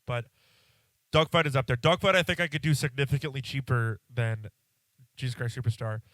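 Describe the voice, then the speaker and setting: A man's voice: mid-range voice, fairly even intonation, fairly quick, a bit bright, no room sound. A congested man hosting a podcast, chatting casually and rambling, cutting himself off and swearing now and then. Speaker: podcast host. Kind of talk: casual solo podcast chat.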